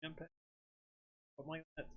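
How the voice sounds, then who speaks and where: A man's voice: on the high side, quick pace, phone-quality sound, slight background noise. Chatty man rambling with frequent laughs. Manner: rambling, laughs often, animated when excited. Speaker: streamer host. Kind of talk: casual chat.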